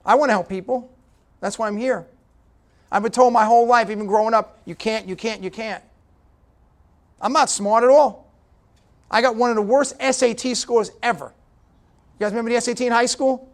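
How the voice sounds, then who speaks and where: His voice is very high-pitched with fairly even intonation, a little fast, and marked by long pauses. He's a middle-aged guest speaker giving a motivational talk at a business breakfast, direct and punchy, addressing the crowd with repeated "okay?"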